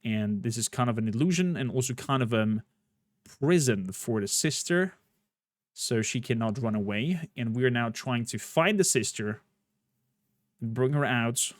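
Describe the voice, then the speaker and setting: A man's voice: mid-range voice, animated, moderate pace, no echo. Chatty male streamer, dry sound. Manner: rambling, chatty, with frequent fillers. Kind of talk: casual gameplay commentary. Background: faint game music.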